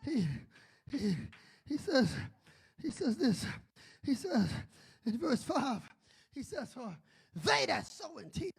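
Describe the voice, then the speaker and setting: A man preaching a sermon as a bishop, shouting and building into a singsong whoop. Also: very high voice, sing-song, slow pace, vocal fry, long pauses, slightly rough.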